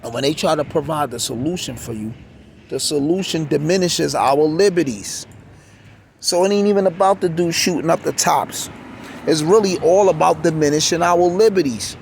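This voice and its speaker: Outdoors on a city street, with traffic behind, a middle-aged vlogger keeps pressing his point, going over the same things and starting phrases again. He speaks at a moderate pace in a fairly high, creaky voice.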